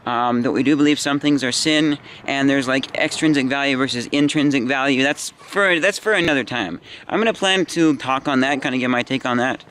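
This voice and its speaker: A man's voice: mid-range voice, fairly bright tone, slight background noise. Rambling tired man in his twenties. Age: 20s. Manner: halting, meandering, many restarts and fillers. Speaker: vlogger. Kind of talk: rambling personal vlog.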